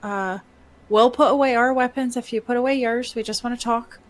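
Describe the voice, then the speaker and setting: A woman voicing her male tabletop character, a calm adventurer trying to talk down a foe. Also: on the high side, brisk, close to an everyday voice. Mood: placating. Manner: soothing, placating.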